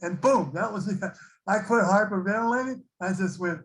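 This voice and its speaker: A man's voice: high voice, normal speed, fairly bright tone, low-quality recording. An older man sharing his recovery story with a support group, rambling and laughing as he acts out the people in it. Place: online recovery meeting.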